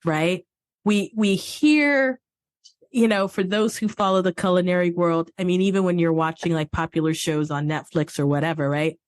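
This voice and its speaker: A woman's voice: on the low side, normal speed, no echo. Chatty woman podcast host, laughs often. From Cameroon, English-speaking side. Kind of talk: casual interview chat.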